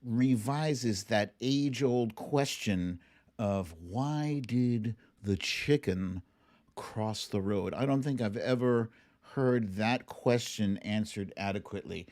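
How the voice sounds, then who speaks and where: A man's voice: on the low side, takes it slowly, a little mellow. A man hosting a livestream, chatting casually about politics, laughing often and drawling when he mocks something. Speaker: livestream host.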